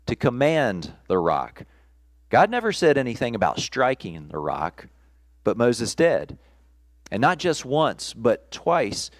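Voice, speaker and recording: A man preaching a sermon at a streamed church service, slow and deliberate with measured pauses. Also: medium pitch, no echo. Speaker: pastor.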